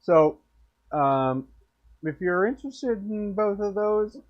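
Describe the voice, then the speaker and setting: A man with the hiccups talks slowly and loosely, a little drunk, winding down his live stream with friendly rambling. The audio is dull and lo-fi, like a basic streaming mic. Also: high-pitched, expressive. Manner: rambling, friendly, slurs thoughts. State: hiccups, tipsy. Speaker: pen turner streaming from his workshop. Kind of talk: casual live-stream sign-off chat.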